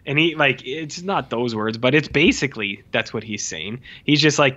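Guy cohosting a movie podcast, bright forceful voice, rambly with lots of likes, kinda dull lo-fi sound. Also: mid-range voice, moderate pace. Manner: rambling, heavy use of "like" and "uh" fillers; animated retelling of scenes. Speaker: podcast co-host. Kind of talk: casual film review chat.

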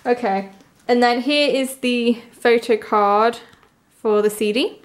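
A young woman with a somewhat high voice unboxes an album in casual, chatty talk. She gushes freely, sprinkles in "like" fillers, and squeals with delight over a lucky pull. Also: fairly even intonation, slow pace. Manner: chatty, gushing, many "like" fillers.

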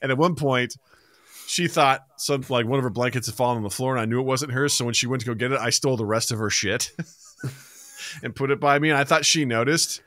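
A man's voice: medium pitch, fairly quick, no room sound. A young man co-hosting a podcast, chatting casually and telling stories with laughter and acted-out voices. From United States. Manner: animated storytelling, acts out quotes with laughs. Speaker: podcast co-host.

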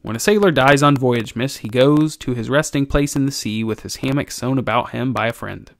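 A man reading an audiobook, voicing a gentle, soft-spoken old male ship's cook who turns hushed and urgent. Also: a little fast, vocal fry, no echo, close to an everyday voice. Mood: gentle, coaxing. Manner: soft-spoken, grows to low hushed urging.

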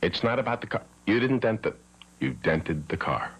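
A man's voice: on the low side, sing-song, moderate pace, slightly rough, rough recording. An exasperated father. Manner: rambling and worked up. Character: exasperated father scolding his teenager. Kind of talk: comedic commercial acting.

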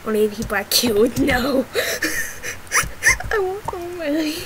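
A woman hosting casual gameplay commentary from her bedroom, giggly and rambling, with sudden excited squeals. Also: high-pitched, unhurried. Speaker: gaming channel host. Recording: noisy, fireworks popping behind. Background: fireworks.

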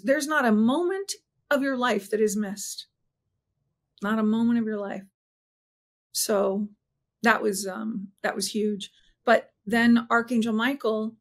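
Female interview guest, higher pitch, earnest and halting personal storytelling.

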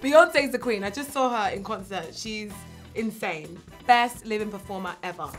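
A British woman in her thirties, a comedian answering quick-fire interview questions in a brash, boastful, self-mocking way. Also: medium pitch, soft background music. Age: 30s.

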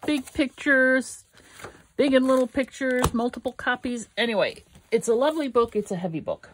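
Slow, lively-voiced older woman crafter. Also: mid-range voice, dry recording. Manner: rambling, warm and self-correcting, thinking aloud. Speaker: craft channel host. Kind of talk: casual chatty craft vlog. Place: home craft studio.

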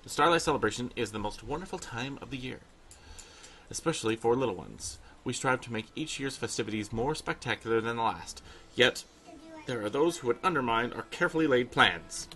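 A man's voice: medium pitch, expressive, brisk, pushed and bright. A man reading a formal festival organizer. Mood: earnest. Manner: reading quest text aloud, stumbling over words.

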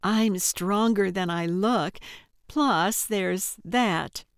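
A woman narrator voicing a giggly, unhinged female kidnapper who talks in a high, bubbly, overly friendly sing-song. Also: very slow, smooth, no echo, studio quality. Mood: sugary, chirpy. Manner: chirpy and overly friendly, tittering. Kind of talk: audiobook character voice.

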